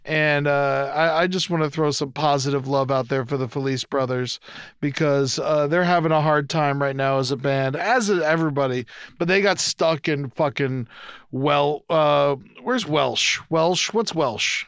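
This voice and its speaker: A man's voice: on the high side, steady tone, moderate pace, clean tone, no echo, studio quality. A young man co-hosting a podcast in casual chat, rambling and swearing freely. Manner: rambling, profane, laughs at own jokes. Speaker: podcast co-host.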